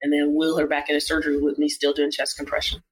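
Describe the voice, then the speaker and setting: A surgeon and author, appearing as a guest on a casual interview, tells hospital stories in an animated way and acts out the quoted lines. The voice is mid-range, quick and husky, and the audio is poor.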